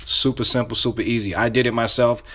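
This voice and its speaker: Man, sales trainer, casual coaching, repetitive, loose phrasing, mid pitch. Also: fairly even intonation, fast, a bit bright. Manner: repetitive, acts out sample phone calls; loose, conversational phrasing with restarts. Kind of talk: casual instruction.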